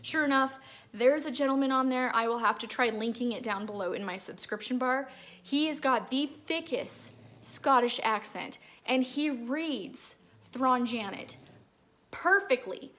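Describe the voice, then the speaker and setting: Bright-voiced chatty woman. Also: sits high. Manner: chatty, rambling, many "like"s. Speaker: book reviewer. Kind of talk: casual chat.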